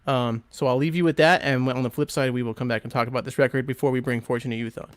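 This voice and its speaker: A man's voice: mid-range voice, fairly even intonation, quick pace, heavy background noise. A man hosting a music podcast, chatting with enthusiasm and plenty of fillers as he introduces records. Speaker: podcast host and record selector. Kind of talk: casual chat.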